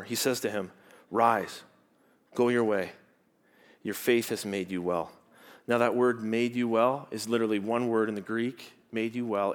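The pastor speaks at medium pitch, animated and teaching as he preaches. He questions the congregation rhetorically, sliding from loud emphasis to quiet stresses.

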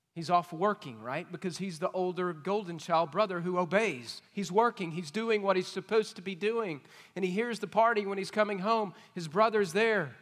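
A man preaching an expository sermon, emphatic and questioning, swinging between loud points and hushed asides. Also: high-pitched, normal speed. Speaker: pastor. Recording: long reverb of a large hall.

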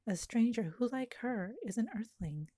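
A woman reading her own poem aloud in a slow, lyrical and intimate way. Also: fairly high pitch, lively intonation, dark tone, slightly rough, no echo, studio quality. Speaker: poet. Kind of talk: poetry reading.

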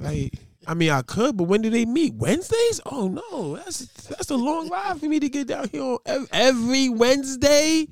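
High-voiced profane man telling stories. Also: moderate pace, hardly any pauses, dry recording. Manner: profane, animated storytelling with quoted voices. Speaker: podcast co-host. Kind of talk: casual chat.

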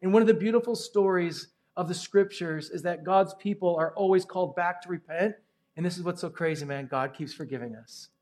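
Brief: man, pastor, light high voice, conversational lively sermon delivery. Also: brisk. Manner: conversational, animated preaching with asides.

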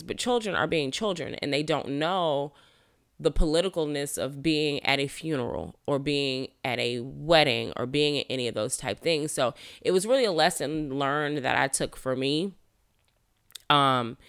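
Mom, 30s, frank storyteller; bright, crisp tone, dry sound. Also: female voice, low-pitched, no echo. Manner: frank, animated, with mild swearing. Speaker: mother of toddlers. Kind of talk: candid personal storytelling.

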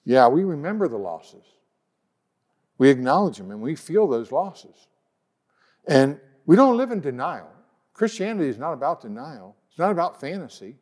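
A man preaching a sermon in an earnest way, reading scripture slowly and softly. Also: on the high side, sing-song. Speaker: pastor.

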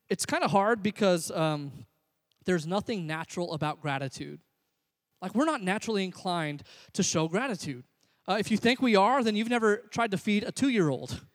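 A man preaching a sermon as a pastor, energetic and building to near shouts. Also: sits high. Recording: long hall reverb.

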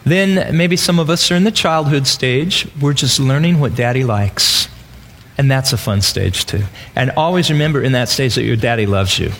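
A man's voice: mid-range voice, normal speed, a bit bright. A man preaching a sermon in a conversational way, often asking rhetorical questions. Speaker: pastor.

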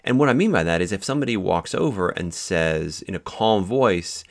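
Low gravelly man lecturing on law. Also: lively intonation, moderate pace, few pauses. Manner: explanatory, with many fillers and restarts. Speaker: law instructor. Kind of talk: recorded lecture.

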